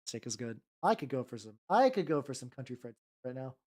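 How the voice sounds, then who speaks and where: Lively streamer, rambling while painting. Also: mid-range voice, a little fast. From United States. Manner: rambling, swears freely, talks to chat, trails off mid-thought. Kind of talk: casual livestream chat while painting.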